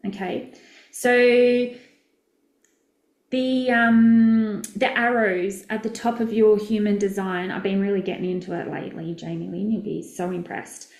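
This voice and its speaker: A woman's voice: mid-range voice, fairly even intonation, measured pace, gravelly, a little mellow, roomy sound. A woman, a business coach, chatting casually and effusively with viewers during a live session, rambling and correcting herself as she goes.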